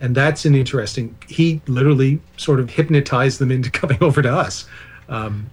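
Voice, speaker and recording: A male author talks through his ideas as a radio interview guest. He wanders into side stories and jokes at his own expense. His voice sits at an ordinary middle pitch. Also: a little fast, slightly rough. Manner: discursive, digressive, self-deprecating asides.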